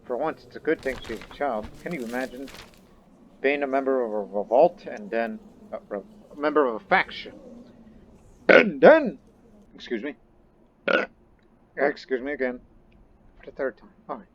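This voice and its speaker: A man's voice: medium pitch, expressive, normal speed, pauses often, a little hiss or hum. A man casually commenting on his own strategy game as he plays, thinking aloud with chatty asides. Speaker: game streamer.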